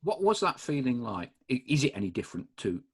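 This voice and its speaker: Husky, eager podcast host. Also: male voice, medium pitch, very animated, a little fast. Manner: eager, enthusiastic questioner. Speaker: podcast host, club supporter. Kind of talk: casual interview.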